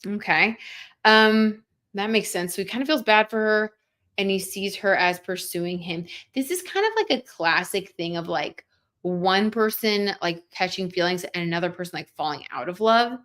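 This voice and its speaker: Bright-voiced young woman chatting casually. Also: medium pitch, expressive, moderate pace. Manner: chatty, reads viewer comments aloud, frequent "like" fillers. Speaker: tarot reader and livestream host. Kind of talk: casual livestream chat.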